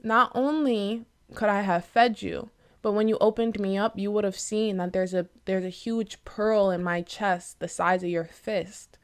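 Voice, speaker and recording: Smug small talking bird, mocking and lecturing, laid-back storytelling, as a woman puts him on, mid-pitched. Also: fairly even intonation, unhurried, clear, resonant tone, close to an everyday voice. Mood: gloating. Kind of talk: casual retelling of a fable.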